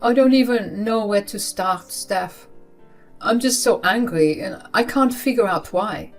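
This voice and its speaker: A woman voicing a grieving young man, angry and remorseful, in a tearful, halting confession. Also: medium pitch, faint music behind, natural voice.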